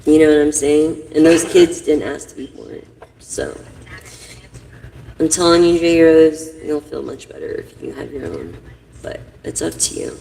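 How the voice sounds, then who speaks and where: A woman's voice: low-pitched, lively intonation, a little slow, gravelly, dark tone, long reverb tail, a little hiss or hum, rough recording. A woman doing a casual tarot reading for her viewers, giving blunt, profane, rambling advice. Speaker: intuitive tarot reader.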